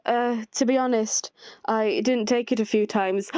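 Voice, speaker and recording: In an unhurried, fairly even delivery, a woman voices every character of a visual novel while adding her own commentary. Her voice sits on the high side, darkish yet clear and resonant, and the recording is dry.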